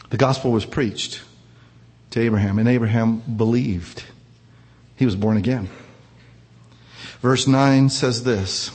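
A man's voice: medium pitch, a little slow, pauses often, a little mellow, breathy edge. A man preaching a sermon, retelling a scripture story with emphatic rises and falls. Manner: emphatic preaching, rising and falling. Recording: long hall reverb.

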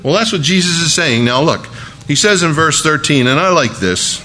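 A man's voice: fairly high pitch, expressive, moderate pace, pushed and bright, a little hiss or hum. A man preaching a sermon as a pastor, in a conversational, folksy way with emphatic asides.

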